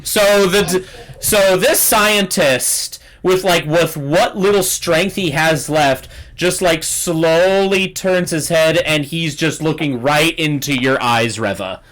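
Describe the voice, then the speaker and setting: A man's voice: fairly high pitch, slow pace, a bit bright. Laid-back male game master. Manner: laid-back, filler-heavy narration. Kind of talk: narrating a tabletop game on a stream.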